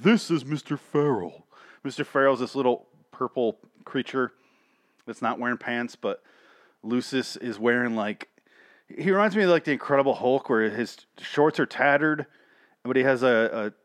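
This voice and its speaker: A man's voice: mid-range voice, dry recording. A man rambles through a profane comedic recap, swearing freely and building into exasperated rants. His voice sits in a middling register, recorded close and dry with no room sound. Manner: rambling, crude, increasingly exasperated ranting.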